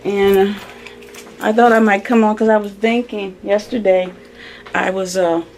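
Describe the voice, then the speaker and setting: A woman's voice: medium pitch, fairly even intonation, measured pace, darkish tone, a little hiss or hum. A school librarian, chatting casually and rambling as she vlogs into a handheld phone camera. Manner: rambling, chatty, self-interrupting. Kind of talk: casual vlog chat.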